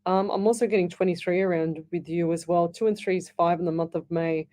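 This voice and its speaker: A woman with an Australian accent hosting a live psychic call-in radio show, chatty and quick to laugh. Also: fairly low pitch, steady tone, mellow. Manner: chatty, laughs easily, reads messages aloud. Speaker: psychic medium radio host. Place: radio studio.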